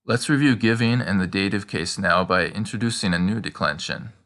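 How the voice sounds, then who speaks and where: Male teacher for a scripted lesson, bright and forceful tone, slows down for the examples. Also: deep voice. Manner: prompting the listener with questions and pauses. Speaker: language teacher.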